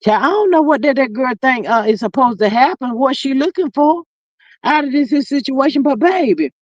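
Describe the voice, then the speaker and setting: A woman hosting a casual livestream, reading viewer comments aloud and telling stories with big pitch swings, drawn-out exclamations and frequent laughter. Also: expressive, a little mellow, no echo. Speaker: livestream host. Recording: dull lo-fi, dry sound.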